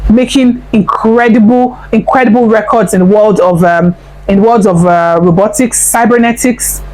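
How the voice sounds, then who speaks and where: Animated Nigerian-accented woman vlogger. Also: mid-range voice, rough recording. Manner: animated, repeats phrases for emphasis, laughs often. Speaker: commentary channel host. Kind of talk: casual commentary vlog.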